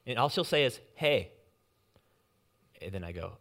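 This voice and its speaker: A young man preaching a sermon, swinging between loud urgency and quiet emphasis and acting out anxious inner voices with humor. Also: medium pitch, expressive, measured pace. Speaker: pastor.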